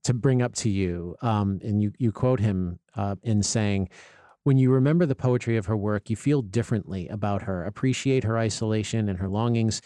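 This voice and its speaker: Male interview host, low and warm-toned, relaxed and inquisitive. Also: moderate pace, dry recording. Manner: curious, casual, fillers. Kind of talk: conversational interview.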